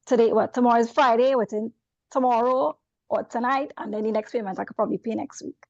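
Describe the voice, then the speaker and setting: A woman's voice: on the high side, fairly even intonation, fast talker, darkish tone, no room sound. A woman with a non-native accent, a student calling into a class over a video call, talking in an apologetic, rambling way. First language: not English. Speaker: student asking a question. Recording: dull, dry video call audio.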